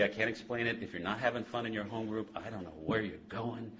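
A man giving a personal testimony talk as a speaker at a recovery meeting, an animated storyteller who laughs often and then drops to a hush. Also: on the low side, fast talker, hardly any pauses, crowd noise. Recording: muffled lo-fi recording.

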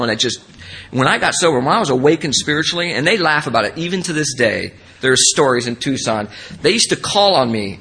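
A man speaks at a recovery meeting, telling his own story in an earnest, emotional way. His voice is husky but forceful and bright, and he wanders through restarts and asides. In the heavy moments it sinks low. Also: low-quality recording. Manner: earnest, emotional and rambling, voice dropping low when sad. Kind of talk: personal testimony.

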